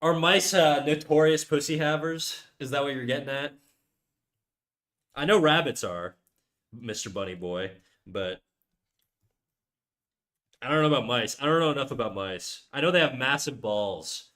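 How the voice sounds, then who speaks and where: A young man talking into a desk microphone at home during a live stream. He rambles, restarts his sentences and jokes crudely with his chat, at a middle pitch. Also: moderate pace, pauses often, a bit bright. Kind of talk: casual livestream chat. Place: home room.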